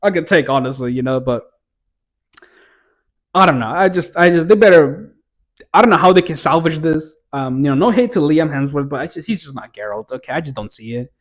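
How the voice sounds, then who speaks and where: Male TV reviewer, casual exasperated rant, frequent swearing, slightly raised pitch. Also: expressive, fairly quick. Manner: profane, exasperated, rambling with restarts.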